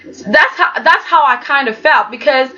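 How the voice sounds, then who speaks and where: A young woman giving a casual vlog review in a sassy, animated way, tagging her points with "okay?". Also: high voice, moderate pace. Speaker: soap opera reviewer. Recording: dull lo-fi audio.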